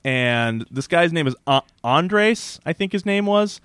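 A man's voice: fairly high pitch, expressive, fairly bright tone, smooth, no room sound, studio quality. A man co-hosting a podcast, recapping an episode in casual chat, laughing often and acting out the characters' lines. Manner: laughs often, acts out characters' lines in quick put-on voices. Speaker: podcast co-host.

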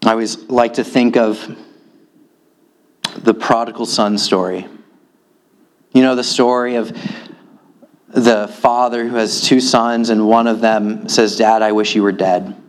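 A man preaching a sermon, slow and earnest, his voice rising in pitch when he stresses a point. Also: steady tone. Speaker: pastor.

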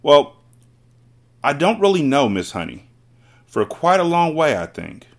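A man voicing a small, serious five-year-old girl who answers quietly and politely. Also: a little high, sing-song, measured pace, voice pushed up.

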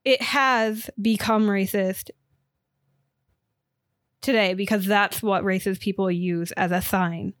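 A woman's voice: medium pitch, steady tone, takes it slowly, pauses often, no echo, clean studio sound. A young woman from Michigan in college with a Midwestern accent, co-hosting a casual chat in an earnest way, full of "like". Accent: Midwestern American. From Michigan, USA. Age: young adult. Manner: earnest, many "like" fillers. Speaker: podcast co-host.

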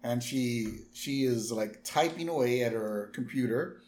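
A man's voice: medium pitch, unhurried, reverberant, a little hiss or hum. A man co-hosting a podcast, casually recapping a cartoon episode and jumping into character voices. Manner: animated, jumps into character voices. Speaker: podcast co-host.

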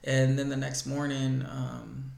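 A man's voice: mid-range voice, completely flat delivery, slow, gravelly, a little mellow, roomy sound. A man earnestly telling his personal faith story as a guest in a conversation.

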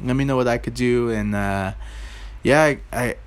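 A man's voice: mid-range voice, normal speed, smooth. Rambling, easygoing man hosting a podcast. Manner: rambling, loose and informal, with many fillers and asides to listeners. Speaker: podcast host. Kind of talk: casual storytelling podcast.

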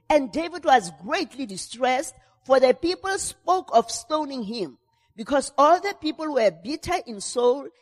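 A middle-aged woman preaches with a high voice and fervent conviction. She stumbles over fillers and repeats words, then presses forward into shouted prayer. Her voice rings with a long reverb in a hall. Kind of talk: sermon.

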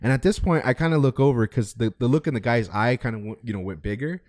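A young man co-hosting a podcast, telling a story in a casual chat, profane and animated, acting out the quotes. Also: medium pitch, fast talker, no room sound, clean studio sound. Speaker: podcast co-host.

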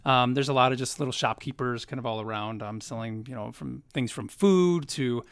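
A man's voice: mid-range voice, a little fast, a bit bright, clear, resonant tone. A man narrating as game master of a tabletop game, rambling with many fillers.

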